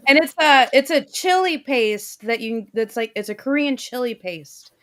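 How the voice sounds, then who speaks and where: A woman co-hosting a casual podcast, chatty and quick to laugh, acting out what people said. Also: high voice, lively intonation, a bit bright. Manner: giggly, chatty, acts out quotes. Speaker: co-host. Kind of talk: casual chat.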